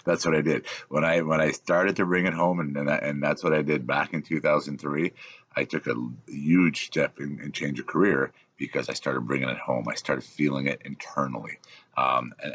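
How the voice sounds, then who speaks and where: Middle-aged man, podcast host, very low voice, rough and husky, rambling casual monologue. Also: fairly bright tone. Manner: rambling, repeats himself.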